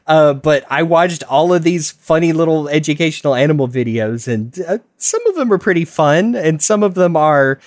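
A man co-hosting a casual podcast, wry and quick to laugh. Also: fairly high pitch, lively intonation, dry recording, studio quality. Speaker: podcast co-host. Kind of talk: casual chat.

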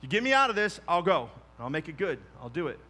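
Man doing a repentant prophet, low earnest promises, bright tone. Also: big pitch swings, fast, full character voice. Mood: pleading. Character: repentant male prophet pleading to God.

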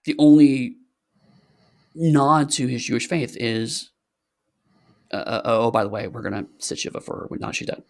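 A man co-hosting a podcast talks at normal speed with long pauses, his mid-range voice carrying a darkish tone. The chat is casual, and his delivery is rambling and sarcastic, peppered with fillers and restarts.

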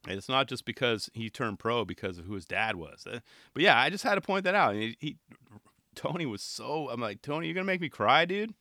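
A middle-aged man hosting a podcast, talking casually in a rambling, relaxed way with many restarts. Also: medium pitch, fairly quick, no echo, studio quality. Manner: rambling, relaxed, self-interrupting. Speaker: podcast host. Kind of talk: casual solo podcast talk.

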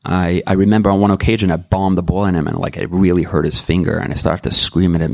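A man's voice: low-pitched, fairly even intonation, fast talker, gravelly, a little mellow, no room sound, studio quality. A middle-aged man giving an earnest, rambling personal testimony at a recovery meeting, full of restarts and candid emotion. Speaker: member sharing at a recovery meeting.

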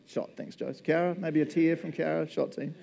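A man's voice: a little high, steady tone, brisk, creaky, mellow. A man with a New Zealand accent preaching a casual, conversational sermon, chatty and joking as he talks. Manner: chatty, joking, often laughing.

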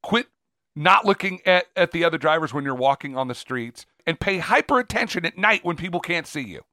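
A man's voice: fairly high pitch, expressive, a little fast, pushed and bright, dry recording, clean studio sound. A man co-hosting a podcast in casual chat, opinionated and ranting as he riffs. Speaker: podcast co-host.

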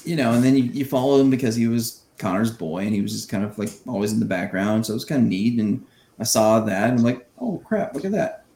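A man's voice: on the low side, fast, dark tone, echoey room. A man co-hosting a casual podcast, making dry remarks and reading out news. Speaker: podcast co-host. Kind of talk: casual chat.

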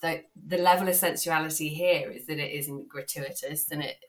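A British woman with a low voice talks eagerly in a loose, rambling way. She chats casually as a guest author on a podcast, breaking off and restarting her thoughts as she goes. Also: fairly even intonation, moderate pace.

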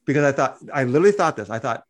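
A man with an everyday mid-range voice tells a story in relaxed conversation. He gets animated, throwing his voice up high to act out the people he quotes. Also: rapid-fire. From United States. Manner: animated storyteller, acts out quoted voices with big pitch jumps. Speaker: podcast co-host.

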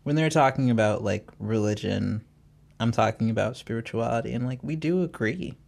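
Gravelly young man, laid-back. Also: mid-range voice, normal speed, a little mellow. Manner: loose and laughing, lots of fillers. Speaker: musician guest. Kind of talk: casual interview chat.

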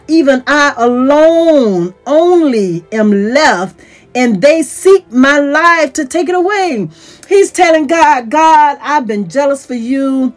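A woman teaching a Bible lesson, reading scripture aloud and then retelling it in plain words, her voice rising in pitch as she gets excited. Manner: voice rises in pitch when excited. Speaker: teacher of a church series.

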